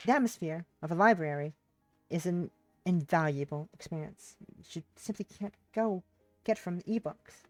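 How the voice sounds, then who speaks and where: Reading a visual novel out loud, this young female streamer moves between narration and character lines and keeps interrupting herself to chat. She speaks at normal speed in a lowish voice. Faint music plays behind a dry, close-miked recording.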